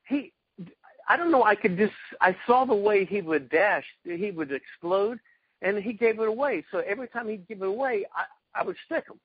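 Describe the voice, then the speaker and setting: A man from South Carolina with a high, husky voice tells stories from his years as a karate fighter, acting out the people he quotes. The sound is dry and dull, close and lo-fi. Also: animated, moderate pace, no room sound. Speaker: guest, retired karate champion. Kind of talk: storytelling in a casual interview.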